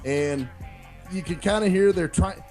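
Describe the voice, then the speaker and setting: A man's voice: sits high, unhurried, darkish tone, soft background music. A man co-hosting a podcast, giving laid-back, slangy, blunt criticism of a rap track. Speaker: podcast co-host. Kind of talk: casual critique chat.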